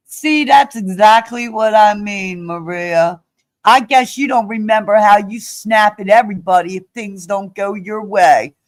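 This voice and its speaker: Upset woman ranting slowly on a stream. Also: mid-range voice. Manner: upset, pleading and profane. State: sniffly, blowing nose. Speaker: live streamer. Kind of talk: heated live-stream rant.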